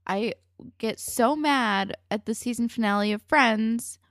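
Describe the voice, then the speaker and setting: A woman's voice: a little high, measured pace, fairly bright tone, dry recording, clean studio sound. A young woman co-hosting a casual podcast, blunt and exasperated, swearing freely as she vents. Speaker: podcast co-host. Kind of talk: casual chat.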